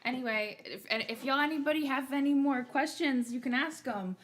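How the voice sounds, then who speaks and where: A woman's voice: high voice, a little fast, a bit bright, a little hiss or hum. A woman, a musician hosting an online concert, chatting loosely to viewers between songs. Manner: chatty, loose, talks to the audience. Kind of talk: casual chat between songs.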